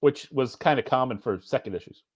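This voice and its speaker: A man's voice: medium pitch, a little fast, husky. A man co-hosting a casual podcast who drops wry one-liners. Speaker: podcast co-host.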